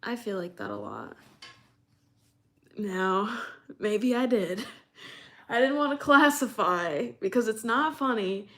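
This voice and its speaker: A young woman from New York talks to her live chat in a loose, casual way. She laughs often and stays animated as she reacts to the messages. Her voice sits at an ordinary middle pitch for a woman. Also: slow, pauses often. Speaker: streamer reading live chat.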